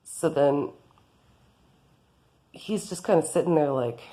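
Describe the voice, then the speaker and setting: A woman tells a loose, rambling story, stringing quotes together with "he's like." Her voice sits low and mellow. It is everyday, unpolished chat. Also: lively intonation, slow pace, pauses often. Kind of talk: casual storytelling.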